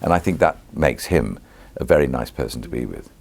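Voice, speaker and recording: A British actor in his sixties answering interview questions in a measured, reflective way, pausing with ums and restarting phrases. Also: very deep voice, sing-song, gravelly, a little mellow, dry recording. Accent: British English. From Britain.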